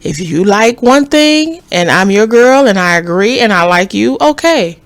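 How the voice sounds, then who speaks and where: A woman's voice: medium pitch, expressive, a little slow. Blunt woman chatting casually. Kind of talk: casual chat.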